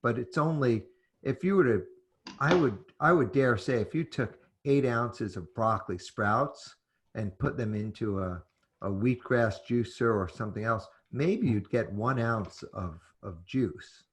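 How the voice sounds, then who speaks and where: A man's voice: medium pitch, a little slow. A man hosting an interview, asking long, curious, winding questions. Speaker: interviewer host. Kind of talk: conversational interview.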